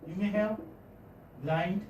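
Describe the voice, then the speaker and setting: A man's voice: high voice, slow, a little mellow, dull audio. A middle-aged man with an Indian English accent giving a phonetics lecture in a classroom, repeating words and checking in with students. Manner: repetitive, coaxing, checks with students often. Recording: echoey room, distant mic, faint noise.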